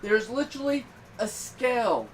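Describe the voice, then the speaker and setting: A man's voice: very high-pitched, sing-song, moderate pace, a little hiss or hum. A man co-hosting a podcast in casual chat, joking and swearing freely. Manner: profane, joking, laughs often. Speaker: podcast co-host.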